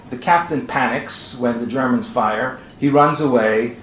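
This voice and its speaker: Man, academic lecture, measured, mid-pitched, roomy hall, faint ambience. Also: fairly bright tone, a little hiss or hum. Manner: measured, reads out quotations. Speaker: conference speaker. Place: conference hall.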